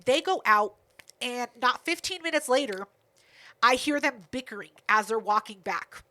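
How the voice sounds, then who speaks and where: A woman's voice: fairly high pitch, lively intonation, moderate pace, pushed and bright. A woman co-hosting a podcast, telling a family story in casual, profane chat. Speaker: podcast co-host.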